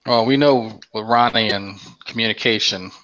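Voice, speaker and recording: A man's voice: on the low side, normal speed, bright, forceful tone, no echo, highs cut off. A young man hosting a casual online commentary chat, blunt and exasperated, swearing often.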